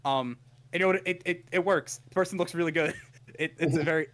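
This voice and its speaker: A man with a fairly high, fairly bright voice talks fast while co-hosting a relaxed anime review podcast. He rambles through episode retellings with lots of restarts, laughing at his own storytelling.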